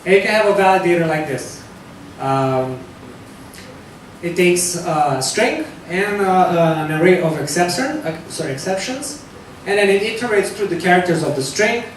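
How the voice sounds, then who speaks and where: A man's voice: lively intonation, normal speed. A man giving a live technical talk to a room, loose and conversational, with fillers and self-corrections. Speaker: security talk presenter. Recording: echoey hall from far off, faint rumble.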